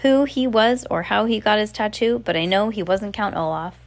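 A woman's voice: medium pitch, moderate pace, close to an everyday voice. Worried, determined teen girl from a storybook, read by a woman.

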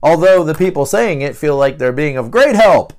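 A man's voice: on the high side, expressive, moderate pace, a little mellow, a little hiss or hum. A man hosting a podcast, explaining a personality type in a loose, conversational way, with many fillers and restarts. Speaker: podcast host. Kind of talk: casual teaching talk.

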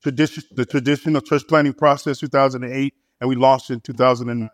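A man talks through his story as a pastor, stumbling over repeated words and fillers between phrases. His voice sits at an ordinary middle pitch and sounds close and dry, with no room echo around it. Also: fairly even intonation, quick pace. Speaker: pastor and church planter. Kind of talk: casual conversational storytelling.

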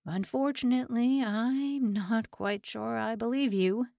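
A woman's voice: a little high, steady tone, a little slow, gravelly, dark tone, no room sound, clean studio sound. A woman voicing a cold, menacing young male interrogator. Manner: cold, sneering questioning.

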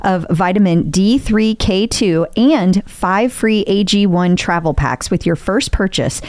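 Female podcast co-host, mid pitch, upbeat and eager, close dry mic. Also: unhurried, a little mellow, dry recording. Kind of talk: casual podcast chat and ad reads.

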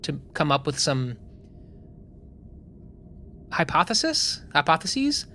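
A man co-hosting a podcast, thinking aloud about characters in a casual, analytical way with some halting restarts. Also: on the high side, big pitch swings, sharp tone. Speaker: podcast co-host. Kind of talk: casual chat.

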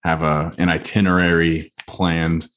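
A man hosting a podcast, relaxed as he wraps up the episode. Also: sits low, a little slow, slight background noise. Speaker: podcast host. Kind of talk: casual chat.

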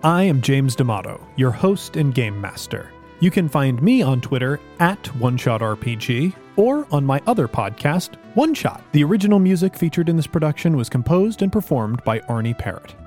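A man's voice: on the high side, moderate pace, soft background music. A man hosting and running a tabletop game, reading the end credits and joking with his players. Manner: steady announcer-like credit reading; joking, laughing in banter. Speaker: host and game master. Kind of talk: reading end credits, then casual banter.

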